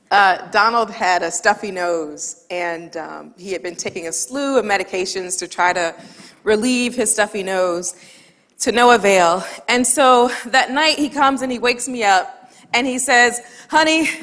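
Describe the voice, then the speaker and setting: A woman giving a humorous storytelling talk on stage, lively and laughing at her own anecdote, into a headset or lapel mic. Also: mid-range voice. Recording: long hall reverb from a stage talk.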